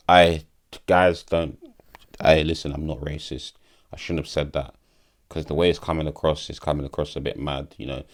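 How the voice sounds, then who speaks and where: Brief: male vlogger, very low voice, loose sweary talk. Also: clean tone. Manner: rambling, swears freely, stumbles over names. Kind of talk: casual commentary.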